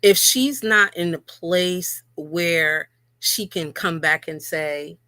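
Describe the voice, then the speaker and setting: A woman's voice: fairly low pitch, takes it slowly, sharp tone, dry recording. Woman giving relationship talk, preachy, repeats herself for effect, dry close sound. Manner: earnest, preachy, repeats key phrases for emphasis. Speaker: co-host.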